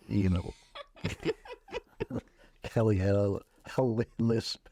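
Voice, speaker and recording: An older man, a musician, telling stories from his career in a relaxed, laughing way on a podcast. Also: on the low side, slow, pauses often, no room sound. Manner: relaxed, laughing storyteller, acts out quoted voices. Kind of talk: casual storytelling chat.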